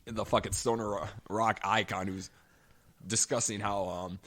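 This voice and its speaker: A man's voice: lowish voice, moderate pace. A man co-hosting a podcast in casual chat, telling stories with lots of swearing and frequent laughter. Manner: animated storytelling, swearing, laughing often. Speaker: podcast co-host.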